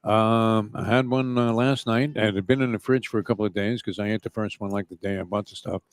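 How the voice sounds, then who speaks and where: A man's voice: fairly low pitch, steady tone, fairly quick, no echo. A man telling a casual story, rambling and hesitant with many fillers. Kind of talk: casual chat.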